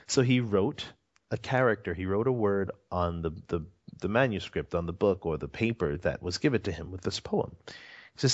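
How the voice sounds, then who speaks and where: A man's voice: low-pitched, animated, normal speed. A man telling a story as a radio interview guest, rambling with fillers and frequent chuckles. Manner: rambling, many fillers and restarts, chuckles often. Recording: dull lo-fi audio.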